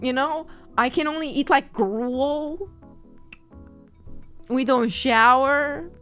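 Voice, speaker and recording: A young woman chats casually on her stream, teasing her viewers and laughing often as she reads their messages. Her voice sits high and swings widely in pitch. Quiet music plays underneath. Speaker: streamer reading chat. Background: faint background music.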